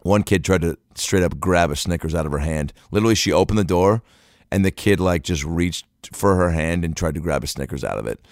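A man's voice: low voice, brisk, no room sound, studio quality. A man telling a comedic story in a loose, profane, rambling way.

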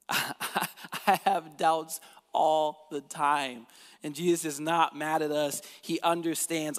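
Male pastor, casual energetic sermon, slightly high voice, lively delivery, long reverb of a church hall. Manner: casual, energetic, conversational preaching.

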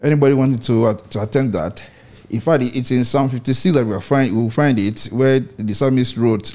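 Male study-group leader, mid pitch, reflective, halting delivery. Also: mellow. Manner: reflective, many fillers and restarts. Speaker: book club leader. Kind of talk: online Bible study discussion.

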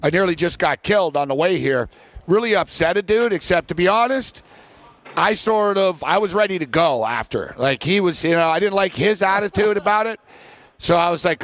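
A man hosting a sports betting show, telling stories in casual chat with lots of fillers and animated delivery. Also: high voice, fairly quick. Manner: animated storyteller, many fillers.

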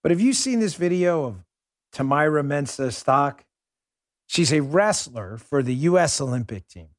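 A man's voice: a little high, expressive, moderate pace, no echo, clean studio sound. A man hosting a political commentary show, ranting in a heated, sarcastic way. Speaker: podcast host.

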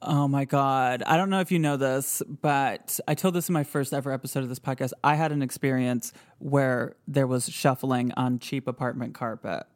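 A woman's voice: extremely low pitch, fairly even intonation, moderate pace, few pauses. A woman hosting a podcast, interviewing a caller in a playful, teasing way. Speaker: podcast host. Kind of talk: casual interview chat.

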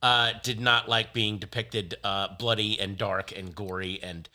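A man co-hosting a casual chat podcast, rambling and halting with many fillers, and teasing. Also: on the low side, little pitch movement, bright, forceful tone. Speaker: podcast co-host.

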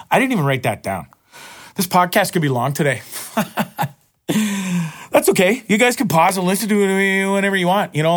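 A man in his forties hosting a solo podcast, rambling in a profane, self-mocking way. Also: a little high. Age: 40s. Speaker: podcast host. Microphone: podcast microphone.

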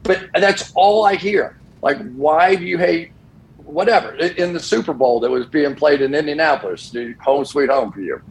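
A man's voice: fairly high pitch, moderate pace, hardly any pauses, poor audio. An older man, a football broadcaster, telling stories casually on a sports talk show and acting out the voices of the people in them. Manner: animated storyteller who acts out quoted dialogue.

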